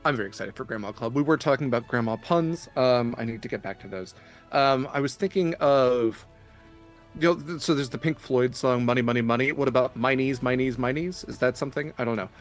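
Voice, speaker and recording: A man narrating a tabletop role-playing game as game master, slow and deliberate with pauses. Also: medium pitch, soft background music.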